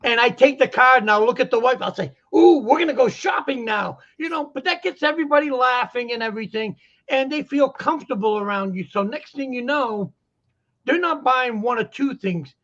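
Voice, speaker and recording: A man with a Boston accent chatting casually on a talk show, telling stories and jokes in an animated way. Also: very high-pitched, a little fast, muffled recording. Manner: joking, animated storyteller. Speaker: guest vendor. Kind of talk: casual chat. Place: lives in Florida.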